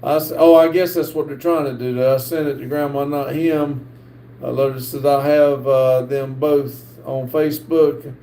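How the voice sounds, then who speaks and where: A middle-aged man with a North Carolina accent hosts a live stream and reads viewer comments aloud, halting often with "uh". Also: medium pitch, little pitch movement, warm tone. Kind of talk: casual live-stream chat. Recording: echoey room with faint background hiss.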